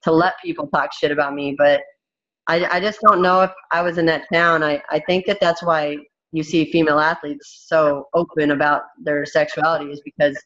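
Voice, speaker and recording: A woman's voice: sits low, fairly even intonation, normal speed, fairly bright tone. A woman in her thirties, a fighter as interview guest, talking candidly in a blunt, emphatic way with many restarts. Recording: dull, muffled recording.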